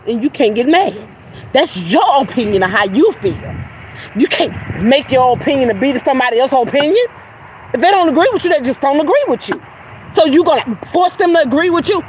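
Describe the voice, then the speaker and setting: A woman's voice: on the high side, very animated, moderate pace, pauses often, a little mellow, slight background noise, low-quality recording. A middle-aged woman hosting a livestream, speaking bluntly and emphatically about energy, God and people she won't deal with, with some cursing. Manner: blunt, emphatic, preachy, with spiritual talk and cursing. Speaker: livestream host. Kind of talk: casual livestream monologue.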